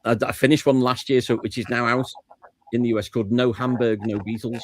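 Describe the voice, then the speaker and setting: A man's voice: medium pitch, fast, a little hiss or hum, rough recording. A man with a British accent, a guest author chatting casually in a remote interview. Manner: relaxed, chatty, hesitant restarts. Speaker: guest author and historian of a famous band. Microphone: video call.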